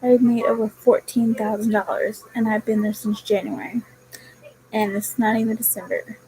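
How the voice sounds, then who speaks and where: A woman's voice: medium pitch, flat delivery, moderate pace, warm tone, a little hiss or hum, low-quality recording. A young woman chatting casually on her vlog, telling a rambling story about her work. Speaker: vlogger. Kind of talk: casual chat.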